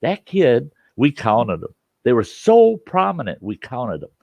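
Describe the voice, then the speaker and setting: An older man tells a homespun story in a gravelly voice, his pitch rising and falling freely as he chuckles along. His grammar is loose and country. The recording is dull and lo-fi, with a dry, close sound. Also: wildly swooping pitch, measured pace, a little mellow, dry recording. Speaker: storytelling host. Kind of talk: casual spoken storytelling.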